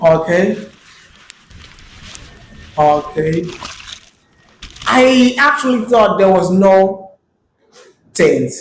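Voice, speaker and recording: A woman reacting to a clip, talking slowly with a bouncy, lively pitch. She exclaims and chats back at the screen. Her voice sits in a roomy, echoey space with a faint hiss underneath. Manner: chatty, exclaiming, talks back to the video. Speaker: reaction video host. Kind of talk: casual reaction commentary.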